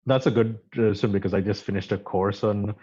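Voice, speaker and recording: A man hosting a casual interview, reading off quick questions and hesitating often between phrases. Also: lowish voice, fairly even intonation, dark tone, lo-fi sound. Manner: hesitant, many fillers and restarts. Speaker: interview host.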